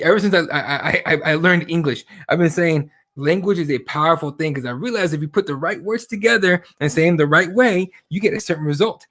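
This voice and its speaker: A man's voice: sits high, a bit bright. Heated, profane man co-hosting a chat. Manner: heated and profane, mimics voices while retelling. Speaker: podcast co-host. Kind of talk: casual chat about current events.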